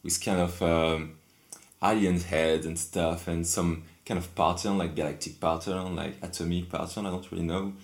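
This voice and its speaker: A man's voice: low voice, level tone, moderate pace. A man in casual conversation, telling a long story in a rambling, hesitant way with many repeats and restarts. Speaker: guest.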